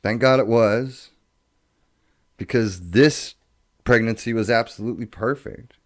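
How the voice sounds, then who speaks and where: A middle-aged man telling his life story in casual talk, profane and rambling, with halting restarts. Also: fairly low pitch, no room sound, clean studio sound.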